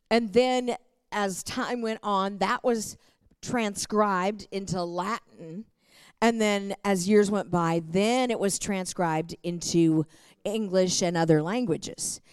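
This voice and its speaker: A middle-aged woman pastor teaching a church lesson in a lively way, often laughing and reading scripture aloud. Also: mid-range voice, clean tone, dry recording.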